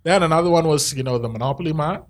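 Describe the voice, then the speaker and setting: A man's voice: on the high side, very fast, no room sound. A man co-hosting a casual podcast, laid-back, presenting topics and spelling words out as he explains.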